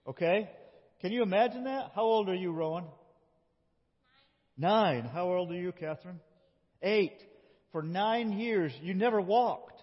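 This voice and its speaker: A male pastor giving a playful children's sermon, guiding kids as they act out a scripture story. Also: sits high. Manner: playful, animated, talks with children. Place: church sanctuary. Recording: dull recording in a big reverberant church.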